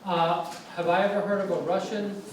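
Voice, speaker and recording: An older man with a New York accent, a guest lecturer answering student questions in a relaxed, rambling way with fillers and restarts. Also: sits high, moderate pace. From New York City. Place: large lecture room. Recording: echoey room, far mic, faint noise.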